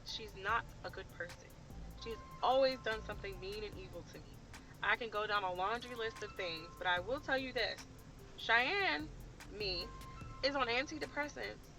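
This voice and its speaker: A woman's voice: medium pitch, low-quality recording. Impassioned young woman telling her story. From Washington DC area. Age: late 20s. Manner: emphatic, impassioned retelling. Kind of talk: candid storytime to camera.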